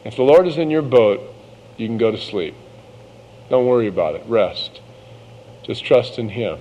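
A man's voice: medium pitch, lively intonation, warm tone, dull audio, slight background noise. Preacher man reading scripture in a hall. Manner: slow, measured scripture reading with casual asides. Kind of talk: sermon.

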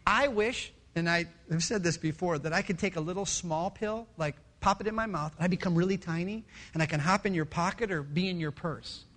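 Energetic male pastor, bright and high-pitched, animated preaching. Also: brisk, hardly any pauses. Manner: animated storytelling, jumps into voices. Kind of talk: sermon.

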